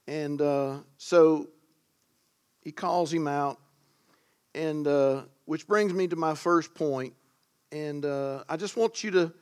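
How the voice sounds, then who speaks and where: A man preaching a sermon to a congregation, driving home key words with loud stresses and breaking into casual asides. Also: fairly high pitch, clear, resonant tone.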